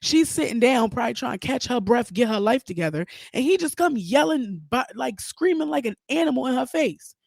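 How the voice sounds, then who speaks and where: A woman hosting a podcast, giving outspoken, animated, profane commentary. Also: on the high side, a little fast, vocal fry, hardly any pauses, no room sound, clean studio sound. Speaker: podcast host. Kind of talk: casual commentary.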